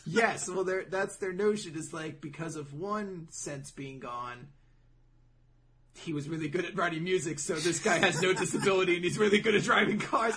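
A man's voice: sits high, normal speed, fairly bright tone. A young man co-hosting a casual manga recap podcast, swearing freely and acting out characters' lines as he summarizes. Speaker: podcast co-host.

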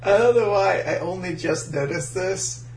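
A man co-hosting a podcast, giggly, excitable and profane in casual chat. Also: sits high, normal speed, vocal fry, a little hiss or hum. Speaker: podcast co-host. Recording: roomy echo.

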